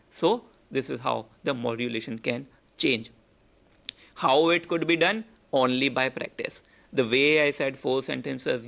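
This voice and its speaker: Gravelly Indian English man teaching. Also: medium pitch, a bit bright. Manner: explanatory, repeats example sentences with shifting emphasis. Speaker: public speaking instructor. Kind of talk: lecture.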